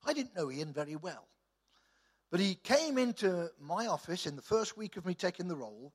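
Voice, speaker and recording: A man's voice: high voice, very animated, moderate pace, slightly rough. Man with a raised voice, telling church stories. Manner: chatty storytelling with stammered restarts. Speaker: church leader. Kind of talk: anecdotal sermon talk.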